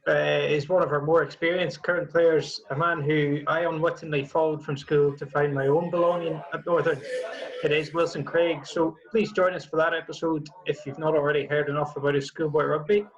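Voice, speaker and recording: A man hosting a rugby club podcast and wrapping up the episode in a brisk, friendly way. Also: fairly high pitch, level tone. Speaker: podcast host. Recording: dull lo-fi sound.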